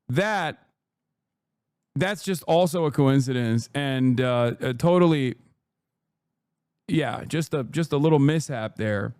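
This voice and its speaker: A man's voice: fairly high pitch, clear, resonant tone, no room sound, studio quality. A man reacting to an interview clip in casual commentary, blunt and profane, mocking the clip and laughing often.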